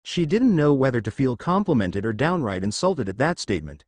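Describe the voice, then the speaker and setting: A man reading fan fiction aloud as the narrator, in a steady storytelling manner. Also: mid-range voice, fairly quick, hardly any pauses, no echo.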